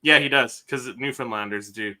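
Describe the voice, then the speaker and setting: Canadian male podcast co-host, easygoing, bright forceful voice. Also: mid-range voice, normal speed. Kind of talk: casual chat.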